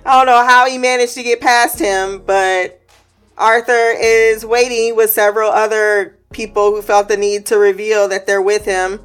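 A woman's voice: mid-range voice, little pitch movement, a little slow, smooth, faint music behind. A woman giving a casual episode recap, chatty, laughing often, swearing and acting out quotes. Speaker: show recap host.

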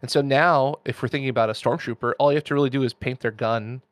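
A man's voice: medium pitch, fairly even intonation, fast talker, no echo, clean studio sound. A man in casual conversation, explaining things enthusiastically in long, flowing runs. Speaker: miniature painting expert host. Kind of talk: casual chat.

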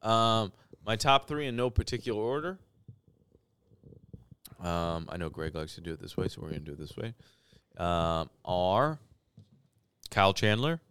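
A man's voice: sits low, very animated, normal speed, pauses often, a bit bright, clear, resonant tone. A man, co-hosting a podcast, easygoing and wry as he leads the segments. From St. Louis, Missouri, US. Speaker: podcast co-host running the segments. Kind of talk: casual chat.

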